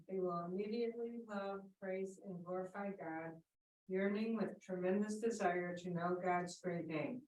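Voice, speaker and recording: A woman in a class reading a passage aloud at a steady, even pace. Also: mid-range voice, a little hiss or hum. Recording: roomy, distant classroom mic with faint ambience.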